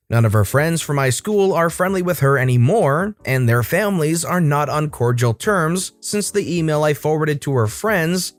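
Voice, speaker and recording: A man reads out online stories in a scripted narration, his voice fairly high and very animated, rising and falling across each line. Soft music plays faintly behind him. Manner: lively, expressive reading with asides to viewers.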